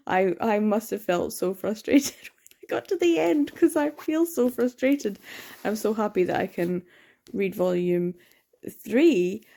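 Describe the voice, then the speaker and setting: A young woman chatting excitedly in a late-night reading vlog, sleepy with her words slurring, gasping and laughing as she gushes about a book. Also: mid-range voice, a little slow, vocal fry. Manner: gushing and excitable, frequent laughs and gasps. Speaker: book vlogger.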